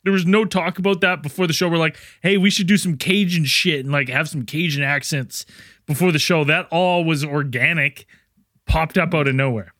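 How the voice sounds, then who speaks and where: An easygoing man chats on a casual podcast in a fairly high, bright voice. The sound is dry and close. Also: moderate pace, dry recording. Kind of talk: casual chat.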